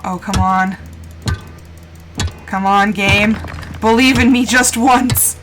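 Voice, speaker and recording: A woman's voice: medium pitch, slow. A woman streaming a video game live, talking to herself as she plays, pleading with the game and cheering herself on. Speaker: gaming streamer. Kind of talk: live gameplay commentary. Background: game music.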